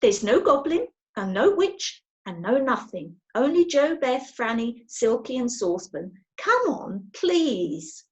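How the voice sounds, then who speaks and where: A woman doing bossy, brisk Moonface. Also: fairly high pitch, sing-song. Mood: impatient. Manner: bossy, impatient. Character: brisk, practical male magical creature.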